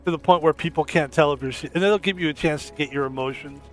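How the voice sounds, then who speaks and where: A man's voice: a little high, fast talker, faint music behind. A man streaming a game, rambling in casual commentary with crude, joking asides.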